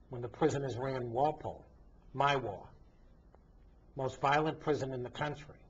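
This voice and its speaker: On a dull lo-fi recording with slight background noise, a man with a medium-pitched, darkish voice hosts a talk show as a priest. His impassioned monologue is emphatic and indignant, full of rhetorical questions.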